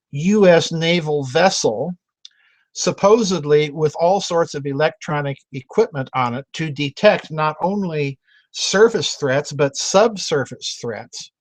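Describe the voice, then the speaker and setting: A man's voice: fairly high pitch, no room sound. A man hosting a members' video chat, answering questions in an emphatic, direct way and often restarting words. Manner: emphatic, repeats words when restarting, addresses listener directly. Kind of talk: vidchat commentary. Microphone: video call.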